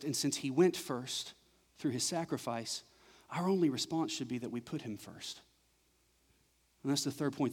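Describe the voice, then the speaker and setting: A middle-aged man preaching a sermon as pastor, building emphasis through repeated phrases. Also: medium pitch. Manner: preaching with rising, emphatic repetition. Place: church sanctuary. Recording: church recording with long reverb.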